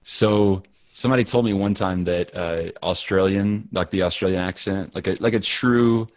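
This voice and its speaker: A man's voice: low-pitched, normal speed, no echo, clean studio sound. A man co-hosting a podcast, chatting casually and telling stories in a playful, enthusiastic way. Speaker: podcast co-host. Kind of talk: casual chat.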